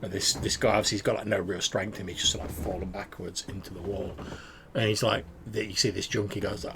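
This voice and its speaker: Gravelly game master. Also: male voice, lowish voice, fairly even intonation, brisk, a bit bright, a little hiss or hum. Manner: rambling with many fillers. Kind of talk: narrating a tabletop game.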